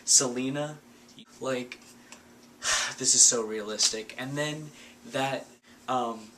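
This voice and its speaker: A man's voice: mid-range voice, slow, sharp tone, slight background noise. A man giving a casual, sarcastic recap of a movie, full of filler words. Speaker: vlogger.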